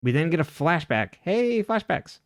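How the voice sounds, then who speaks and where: A man's voice: on the high side, big pitch swings, normal speed, no echo, clean studio sound. A man co-hosting a podcast, recapping a TV episode in a loose, chatty way with lots of "like" and "um" and frequent laughs. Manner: chatty, heavy on "like" and "um", laughs often. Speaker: podcast co-host.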